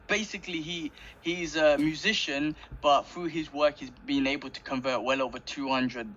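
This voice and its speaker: A man's voice: on the high side, fairly even intonation, moderate pace, fairly bright tone, dull audio. A man co-hosting a podcast, chatting casually and enthusiastically, rambling and using slang like "bro" and "man". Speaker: podcast co-host.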